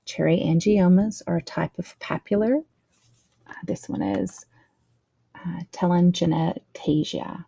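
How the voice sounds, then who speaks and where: A woman's voice: on the low side, gravelly, mellow, husky, no echo, lo-fi sound. A woman teaching a training lesson, reading slides aloud with a slight lisp, stumbling over terms and correcting herself. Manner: reads text aloud, stumbles and corrects herself, adds plain explanations. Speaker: instructor.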